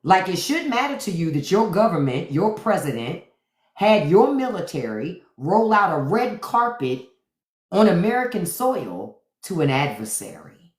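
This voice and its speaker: A woman's voice: on the low side, very animated, a little slow, darkish tone. A woman hosting a livestream, giving blunt, profane, mocking commentary straight to her viewers. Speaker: livestream host. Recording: roomy echo.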